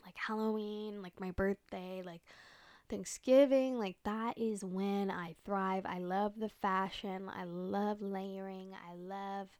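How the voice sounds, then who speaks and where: A young woman hosting a solo podcast in casual chat, rambling with many fillers and swearing freely, sometimes dropping to a soft whisper close to the microphone. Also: medium pitch, fairly even intonation, slow pace, dry recording. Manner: drops to soft whispers at times. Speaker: podcast host.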